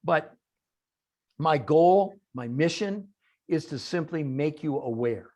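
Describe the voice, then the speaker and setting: This man's fairly high, somewhat mellow voice is animated yet slow as he gives an emphatic talk as a guest on a video call. In his group-call presentation he keeps asking rhetorical questions and answering them.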